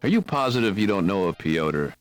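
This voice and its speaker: A deep-voiced wisecracking American. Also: male voice, big pitch swings, a little fast, soft background music. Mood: wry. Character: wisecracking young American man abroad. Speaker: game protagonist. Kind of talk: 1990s adventure game voice acting.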